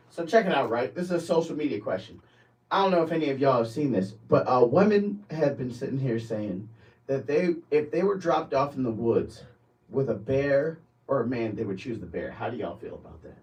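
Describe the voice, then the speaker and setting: A man on a casual podcast chat who stops and restarts his sentences, often breaking into higher, louder bursts. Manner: halting, restarts a lot, rising animated. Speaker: podcast co-host. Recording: distant from the mic, dull lo-fi.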